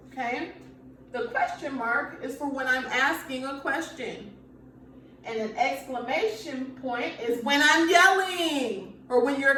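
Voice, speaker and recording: In this recorded remote grammar lesson, a woman who teaches elementary school walks young children patiently through each point, following each with "okay." Her high voice sounds pushed and bright. The mic is distant, catching her off-axis in an echoey room with slight background noise.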